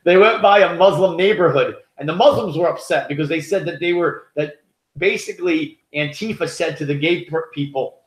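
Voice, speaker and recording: He's an American podcast co-host whose voice runs on the high side at a moderate pace. In an echoey room, he tells stories in a rambling, heated, profane manner as part of opinionated casual chat.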